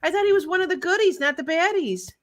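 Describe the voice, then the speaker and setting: A woman hosting a casual interview, asking questions haltingly. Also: very high-pitched, big pitch swings, a bit bright. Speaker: host.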